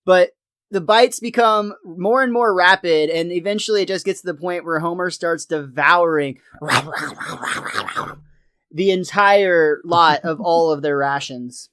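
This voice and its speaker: A man's voice: high-pitched, a little slow, fairly bright tone, clean tone, no echo. Casual male co-host, recaps with laughs, dead dry recording. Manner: chatty, laughs between lines. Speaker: podcast co-host.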